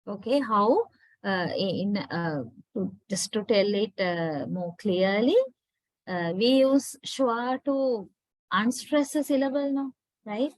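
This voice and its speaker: A woman's voice: mid-range voice, no room sound, rough recording. A woman from Sri Lanka with a Sri Lankan English accent, giving an English pronunciation lecture and often checking in with "right?". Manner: slow, deliberate, checks with "right?". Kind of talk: online lecture.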